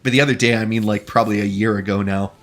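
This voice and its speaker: A man's voice: lowish voice, fairly even intonation, rapid-fire. A young man with a slight Eastern Canadian lilt, chatting casually and laughing often while streaming a game. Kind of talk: casual chat while gaming.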